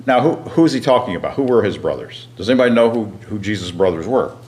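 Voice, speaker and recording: A man teaching a Bible class, reading scripture aloud and asking his listeners questions, often clearing his throat. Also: lowish voice, expressive, fast talker, a little mellow. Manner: frequent throat clearing and restarts.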